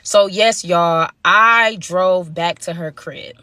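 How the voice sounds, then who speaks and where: A woman's voice: fairly low pitch, slow pace, sharp tone, clear, resonant tone, no echo. A young woman casually telling a story to her viewers in a chatty, slangy way, speaking to them directly.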